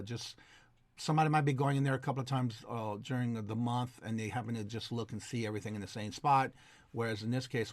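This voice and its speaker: Man, casual rambling narration, mid-pitched voice, dry close sound. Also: no room sound. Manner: rambling, many fillers and restarts. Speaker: antique reseller and vlogger. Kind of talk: casual voice-over walkthrough.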